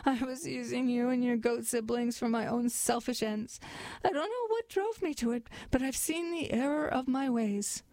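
A woman's voice: on the high side, normal speed, darkish tone, no echo, natural voice. A woman voicing a hairy, smelly male bridge troll who blusters and then pleads, in a storybook reading. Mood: pleading. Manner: gruff bluster that turns to whiny pleading.

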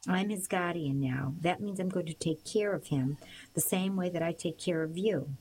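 A woman reading as a calm, patient father. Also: lowish voice, normal speed, a little hiss or hum, lightly acted, poor audio. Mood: reassuring. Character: gentle calm adult father.

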